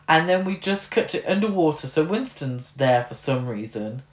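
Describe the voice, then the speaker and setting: A podcast co-host rants with exasperation through a casual film review, filling his speech with fillers. His voice is on the high side and animated, at a moderate pace, with a roomy echo around it.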